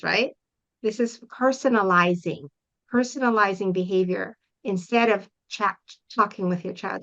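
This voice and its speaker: Middle-aged woman, parent coach guest; bright, firm tone, earnest explainer, slightly muffled lo-fi sound. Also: mid-range voice, unhurried, gravelly. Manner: earnest, explains with frequent check-in questions. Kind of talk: interview guest.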